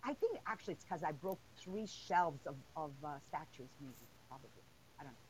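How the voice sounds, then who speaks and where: A woman's voice: low-pitched, lively intonation, brisk, darkish tone, slight background noise, rough recording. A woman hosting a casual podcast, answering questions bluntly with lots of energy and laughter. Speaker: podcast host.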